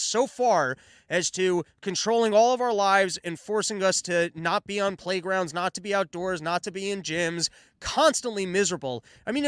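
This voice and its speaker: A man's voice: sits high, fairly bright tone, clear, resonant tone, no room sound. A man hosting his own show, commenting on the news in a sarcastic, profane rant. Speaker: podcast host.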